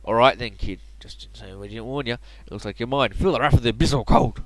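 A man playing a threatening cult thug who talks down to a kid with calm menace. Dismissive and sure of his power. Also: medium pitch, fast, close to an everyday voice. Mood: menacing. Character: threatening male cult member.

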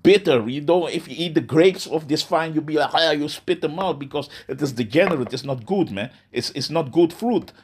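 A man giving an informal sermon, ending nearly every phrase with "man", restarting often and reading Bible verses slowly. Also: fairly high pitch, husky.

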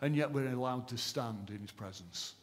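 A man preaching a sermon at a church service, impassioned and emphatic, swinging between raised fervent lines and hushed ones. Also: mid-range voice, moderate pace, soft background music. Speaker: pastor.

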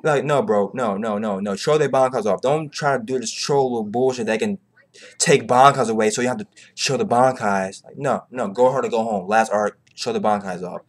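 A man chatting casually in a rambling, profane way, repeating filler phrases and jumping up in pitch when exasperated. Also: fairly quick. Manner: rambling, profane, repeats phrases like "bro" and "you know what I'm saying"; animated, pitch jumps high when exasperated. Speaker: manga commentator. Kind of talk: casual chat.

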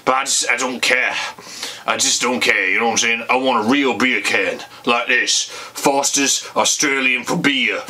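A man rants to the camera in a comic drunken tirade, rambling, swearing and circling back on himself. His voice is husky yet very bright and cutting. He slurs and gets emotional, and he keeps calling his listeners folks. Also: medium pitch, moderate pace. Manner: rambling, profane, repeats "folks" and "you bastards". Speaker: comedy vlogger.

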